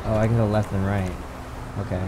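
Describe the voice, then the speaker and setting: A gaming streamer with a fairly low, brisk voice commentates live as he plays, talking to chat and reading menus aloud over heavy background noise. He's excitable, swears often, and yelps when something catches him off guard.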